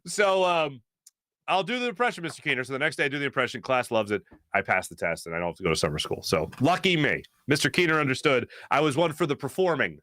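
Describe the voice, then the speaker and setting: A man hosting a casual talk show, rambling through stories with many fillers and animated asides. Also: fairly high pitch, fast, dry recording, clean studio sound. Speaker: show host.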